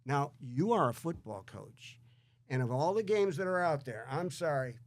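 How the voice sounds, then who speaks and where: Animated, repetitive male interview host. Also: on the high side, moderate pace. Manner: animated, repeats words, quotes Shakespeare. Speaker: show host. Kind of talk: conversational interview.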